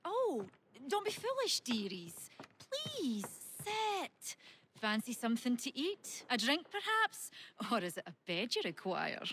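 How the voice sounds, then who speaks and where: This is a brash, fussing Scottish tavern landlady from a video game. Her voice is high and swoops wildly. A light hiss runs under it. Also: huge pitch swings, slow pace, exaggerated voice. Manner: loud and fussing, wide swings. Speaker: tavern proprietor.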